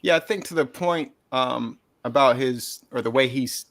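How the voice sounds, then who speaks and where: A man's voice: mid-range voice, moderate pace, fairly bright tone. A man co-hosting a music review show, rambling and hesitant in casual chat.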